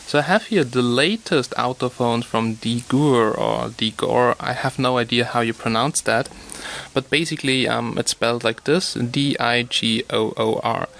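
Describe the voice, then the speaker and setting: رجل يتحدث بعفوية في فيديو فتح صندوق. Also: male voice, mid-range voice, moderate pace, vocal fry, fairly bright tone. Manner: chatty, loose, thinks aloud with fillers. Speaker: tech video host. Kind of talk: casual unboxing talk.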